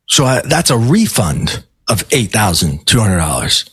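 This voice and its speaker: A man's voice: lowish voice, very animated, measured pace, fairly bright tone, husky, dry recording. A middle-aged man, a life coach and podcast guest, telling a personal story emphatically and acting out his own quoted words. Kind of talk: storytelling in a casual interview.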